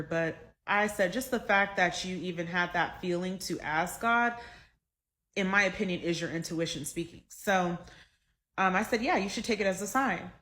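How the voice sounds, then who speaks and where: A woman casually telling a personal story, conversational and animated, with plenty of fillers. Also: fairly low pitch.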